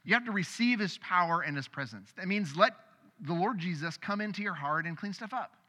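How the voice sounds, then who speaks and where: Middle-aged pastor guy giving a sermon, kinda high voice, chatty with loud bursts, big church echo. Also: a little fast. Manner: conversational, animated preaching with sudden loud outbursts. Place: church sanctuary. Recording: long hall reverb.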